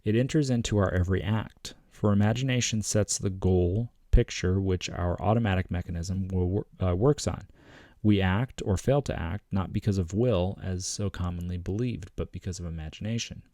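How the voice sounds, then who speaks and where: Low mellow guy reading a self-help book out loud, calm and earnest, dry close sound. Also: normal speed, no room sound. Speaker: self-help channel host.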